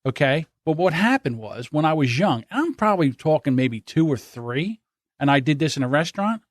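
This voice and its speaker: A man's voice: on the high side, very animated, a little fast, no echo, clean studio sound. Emphatic, opinionated man co-hosting. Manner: emphatic, opinionated, chiming in with agreement. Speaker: podcast co-host. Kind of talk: casual chat.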